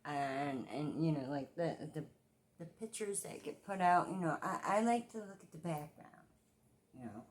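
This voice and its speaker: A woman in her forties ranting in a casual commentary vlog, profane and repetitive, with loud outbursts. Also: sits low, lively intonation, moderate pace. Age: 40s. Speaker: commentary vlogger.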